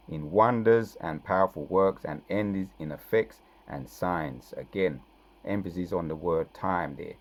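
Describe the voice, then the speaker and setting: A man preaching from scripture, reading verses slowly and breaking in with "right?" and "man" to drive points home. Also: low voice. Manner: reads verses slowly then comments with frequent "right?" and "man". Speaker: scripture teacher.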